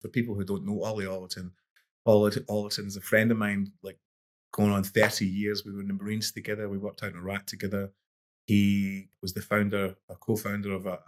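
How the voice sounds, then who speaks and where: A middle-aged man, a boxing coach and podcast guest, telling stories in an easygoing, rambling way with many restarts. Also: on the low side. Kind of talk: relaxed conversational storytelling.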